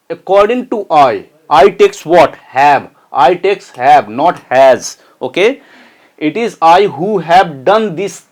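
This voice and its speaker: A man's voice: a little high, darkish tone. A man teaching English grammar for an entrance exam, explaining step by step, repeating phrases and checking in with "okay?". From Nepal. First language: Nepali. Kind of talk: exam-prep grammar lesson.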